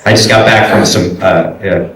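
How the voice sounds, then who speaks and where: A man from Brooklyn, New York is teaching voice acting at a convention panel, chatty and explanatory with many fillers. His voice is on the low side, steady and fairly bright at a moderate pace, captured from far off in a large, echoey convention room.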